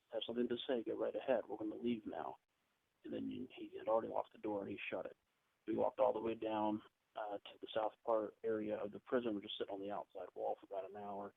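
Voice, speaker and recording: A husky, gravelly man recounts stories in a loose, chatty way. His voice comes through thin and phone-like, with a dry, close sound. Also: on the low side, no room sound. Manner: chatty, rambling anecdotes with quick asides. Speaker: podcast guest, paranormal investigator. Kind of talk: casual storytelling interview. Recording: tinny phone-like line.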